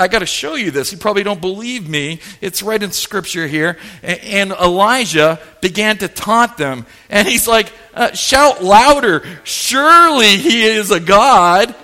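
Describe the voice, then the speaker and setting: A male pastor preaching with playful humor, retelling a story in an animated, joking way. His voice is high and has a bright, forceful edge. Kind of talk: sermon.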